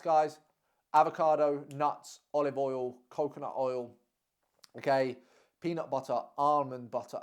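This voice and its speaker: A young man giving fitness and diet advice in a blunt, teasing, energetic way, swearing freely. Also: mid-range voice. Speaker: fitness coach. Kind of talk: casual direct-to-camera advice.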